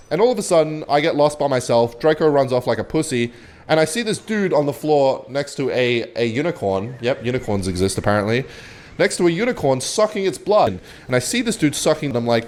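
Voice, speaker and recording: Man, rambling comic storyteller. Swears freely and swings between high excited bursts and muttered low asides. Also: fairly quick.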